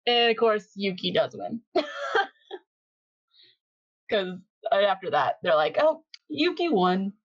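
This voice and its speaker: A woman's voice: medium pitch, slow pace, pauses often, no room sound, highs cut off. A young woman co-hosting a podcast, chatting casually as she recaps an anime and acts out the characters' lines, laughing often. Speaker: podcast co-host.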